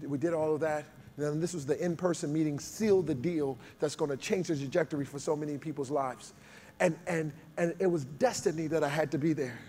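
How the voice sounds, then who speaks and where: High-voiced preacher building to shouts. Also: male voice, in a large hall. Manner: builds from low storytelling to shouted climaxes; conversational, testifying, acts out quoted dialogue. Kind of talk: sermon with personal testimony.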